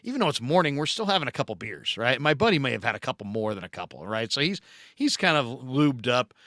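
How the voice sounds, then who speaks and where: A middle-aged man hosting a casual chat, telling a story in an animated way and acting out the voices in it. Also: mid-range voice, fast, dry recording, clean studio sound. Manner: animated storyteller who acts out the voices in his anecdotes. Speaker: podcast host.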